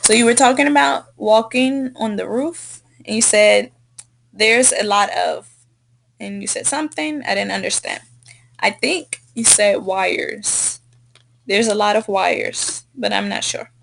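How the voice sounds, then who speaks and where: A woman tutoring English who slowly and patiently repeats and models corrected sentences, recorded on a computer mic. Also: medium pitch, vocal fry, a little hiss or hum. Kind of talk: screen-recorded correction feedback. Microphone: computer mic on a screen recording.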